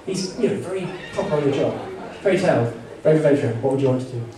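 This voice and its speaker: A medium-pitched man talks at a quick, animated pace while running a live text-adventure game in a convention panel room. The game master is jokey and rambling, laughing often and full of "you know" asides. Audio is echoey, distant from the mic, with crowd noise.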